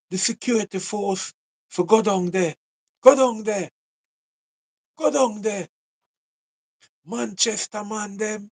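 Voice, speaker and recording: A man with a Jamaican accent giving a casual, repetitive commentary monologue, full of rhetorical questions. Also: sits high.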